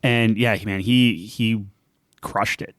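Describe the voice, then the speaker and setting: A man's voice: fairly low pitch, fairly even intonation, takes it slowly, fairly bright tone, no room sound, studio quality. A young man co-hosting a podcast, chatting casually and rambling with lots of fillers and restarts. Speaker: podcast co-host. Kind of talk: casual chat.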